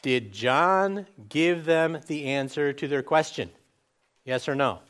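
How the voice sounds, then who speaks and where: A man preaching a sermon, asking the listeners questions and acting out scripture quotes in lively voices. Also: on the high side, takes it slowly, clean tone.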